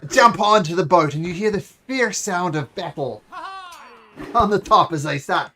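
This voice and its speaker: A man's voice: sits high, animated, sharp tone. Man narrating as game master. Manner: descriptive, halting with fillers and restarts.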